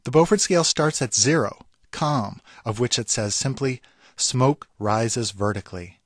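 A man, a writer, reading his own scripted radio commentary in a wry, measured way that savors the words. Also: medium pitch, lively intonation, breathy edge, dry recording, studio quality.

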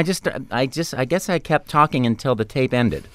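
A male voice actor speaks as a guest on a radio interview, lively and animated and ready to break into character voices. His low voice is smooth and resonant, recorded dry and close in a studio. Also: a little fast, hardly any pauses, dry recording. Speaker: video game voice actor, guest.

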